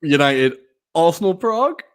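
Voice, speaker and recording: A man co-hosts a football podcast with lively, jokey banter. His voice sits a bit higher than most men's. He gets excited quickly and keeps the tone casual. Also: clear, resonant tone. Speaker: podcast co-host.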